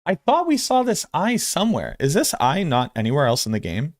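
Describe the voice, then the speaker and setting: Excitable, foul-mouthed male streamer. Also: fairly high pitch, a little fast, no room sound, soft background music. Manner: excitable, blunt, swears freely. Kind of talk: casual live-stream commentary.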